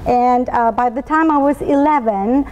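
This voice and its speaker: Speaking at a school talk event, a Venezuelan-accented woman in her fifties, from Colombia and Venezuela, tells stories in a prepared talk full of ums and uhs. Her slightly high voice moves at normal speed and sounds a little mellow, with a long reverb tail and the highs cut off.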